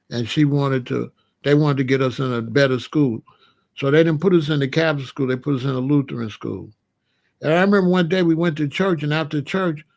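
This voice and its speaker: A man's voice: on the high side, creaky. A middle-aged man from the United States telling a story in a casual monologue, repeating phrases for emphasis. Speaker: commentator.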